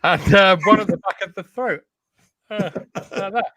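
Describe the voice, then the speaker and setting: A British man chats on a video call, cracking teasing jokes in quick banter. His voice sits a little high. It sounds close and dry, with no room around it. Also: sharp tone, no room sound. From Britain. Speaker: podcast co-host. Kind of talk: casual chat over a video call.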